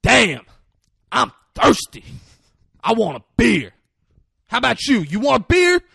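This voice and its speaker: A man doing an impression of a swaggering, menacing streetwise cop from a film, with a loud, taunting, drawn-out delivery. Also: very high voice, wildly swooping pitch, creaky, breathy edge, no echo, studio quality, pitched above the performer's own voice, exaggerated voice.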